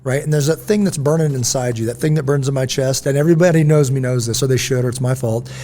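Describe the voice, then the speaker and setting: A middle-aged man hosts a casual podcast conversation, talking fast in a medium-pitched voice. He tells stories animatedly and acts out the voices of people he quotes.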